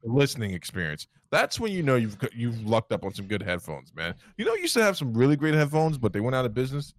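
A man's voice: medium pitch, very animated, quick pace, no echo. Laughing, rambling man on a podcast. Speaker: podcast co-host. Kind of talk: casual chat. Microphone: headset.

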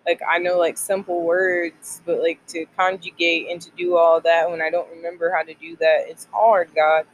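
A young adult in their twenties chats casually in a faith vlog, drifting from thought to thought and filling gaps with "like." The pitch sits in a plain middle range, and there is a faint hiss of noise underneath. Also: flat delivery, moderate pace, poor audio. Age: 20s. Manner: rambling, many "like" fillers. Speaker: college student sharing faith devotional.

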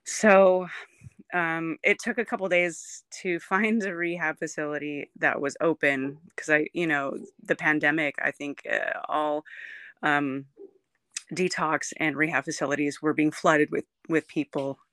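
A guest in an interview telling a personal recovery story in an earnest, emotional way, halting often with ums and restarts. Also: medium pitch, little pitch movement, sharp tone, smooth, dry recording, studio quality.

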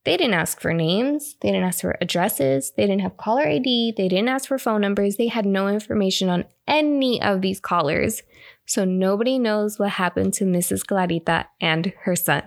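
A woman's voice: mid-range voice, normal speed, vocal fry. A woman co-hosting a casual podcast, telling a spooky story and acting out the quotes with feeling. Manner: animated, acts out quotes. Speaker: podcast co-host.

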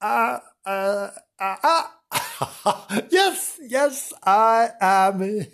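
A man's voice: sits high, expressive, extremely slow, fairly bright tone, voice pushed up, full character voice. A man putting on the voice of a flustered female roving reporter who answers the studio in a breathless, giggly way.

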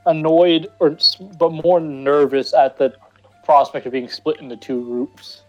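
Joueur nerveux qui bute sur ses mots. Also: male voice, a little high, steady tone, a little slow, highs cut off, faint music behind. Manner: nervous, stumbling over words. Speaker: player.

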